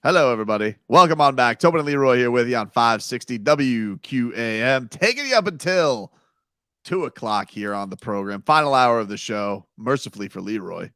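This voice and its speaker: A man hosts a studio sports radio show, upbeat and playful, with a bright, ringing tone and plenty of lift in his voice. The sound is dry and close to the mic. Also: mid-range voice, animated, brisk, no room sound. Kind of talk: casual sports radio banter.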